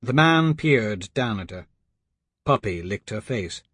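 Husky man narrating a storybook. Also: on the low side, animated, takes it slowly, a bit bright, dry recording, clean studio sound. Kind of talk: audiobook narration.

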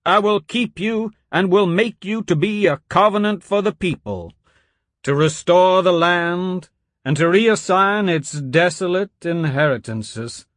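A man voicing a grief-stricken old male priest who sniffles, mutters and then booms out scripture like a Sunday sermon. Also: unhurried, fairly bright tone, dry recording, studio quality. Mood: booming, preaching. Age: older. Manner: sniffling, broken, swings to booming preaching.

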